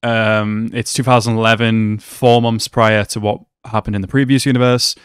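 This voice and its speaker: Smooth-voiced young man reacting to anime. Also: on the low side, moderate pace, dry recording, clean studio sound. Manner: excitable, gasping and shouting, then reflective and subdued.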